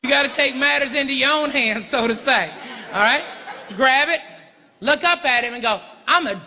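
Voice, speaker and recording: A stand-up comedian on stage giving crude, mock-instructional advice to the crowd. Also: male voice, very high voice, normal speed, pushed and bright. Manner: bawdy, mock-instructional delivery. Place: theater stage with audience. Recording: live hall with crowd laughter.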